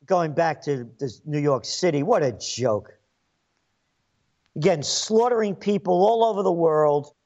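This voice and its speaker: A man's voice: fairly high pitch, expressive, takes it slowly, long pauses, a little mellow. A man giving an angry, sarcastic political rant, mocking and scornful as he talks. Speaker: political commentator. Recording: dull lo-fi recording.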